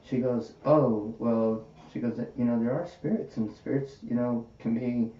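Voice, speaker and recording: A man's voice: mid-range voice, a little slow. Man telling a story in an echoey room. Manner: animated, acts out quoted dialogue. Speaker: podcast host. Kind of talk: casual storytelling in conversation. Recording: roomy, distant, dull with faint hiss.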